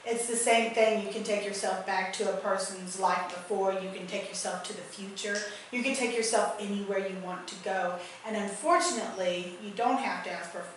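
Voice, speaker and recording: Woman psychic giving emphatic advice. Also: mid-range voice. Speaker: psychic medium host. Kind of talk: casual spiritual advice chat. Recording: echoey room, distant mic, faint noise.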